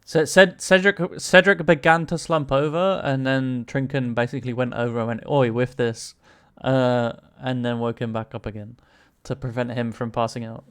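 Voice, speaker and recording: A man's voice: medium pitch, little pitch movement, moderate pace, few pauses, a bit bright, smooth. A man narrating a tabletop game as game master, casual, laughing often and swearing.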